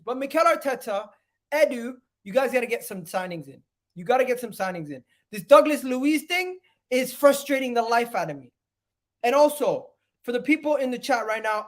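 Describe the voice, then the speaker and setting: A man on a live stream, venting his frustration to his chat. He repeats phrases again and again and swings between loud outbursts and low, muttered asides. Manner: exasperated, repeats phrases over and over. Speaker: fan channel host. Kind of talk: live-stream football fan rant.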